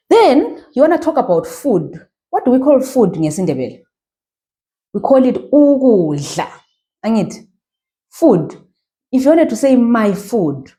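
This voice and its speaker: A woman with a mellow, medium-pitched voice and a Zimbabwean accent teaches a language lesson. She patiently repeats phrases and checks in with her learners.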